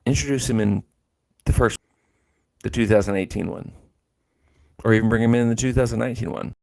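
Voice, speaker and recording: A man's voice: mid-range voice, a little fast, vocal fry, dark tone. A man hosting a casual livestream chat, talking in a rambling, filler-heavy way. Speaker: host.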